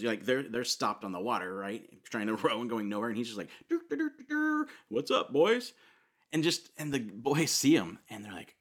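A man preaching a sermon in a casual, conversational way, often asking "right?" and saying "like.". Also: on the low side. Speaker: pastor.

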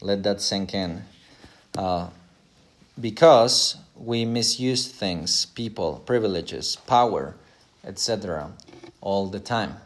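A man's voice: on the low side, slow. A middle-aged man preaching a conversational sermon, speaking directly and asking his listeners rhetorical questions.

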